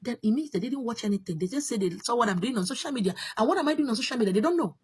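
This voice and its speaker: A woman's voice: fairly high pitch, animated, rapid-fire, slightly rough. A woman with a Nigerian accent, a spiritual teacher talking in an exasperated, emphatic monologue that keeps circling back on itself. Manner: exasperated, emphatic, repeats herself. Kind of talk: casual monologue.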